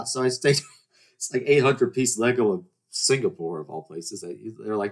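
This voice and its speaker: A man's voice: medium pitch, a little fast. A man in his twenties hosting a podcast, telling stories in a rambling, casual way with many restarts and acted-out dialogue. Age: 20s. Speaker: podcast host. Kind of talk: casual storytelling monologue.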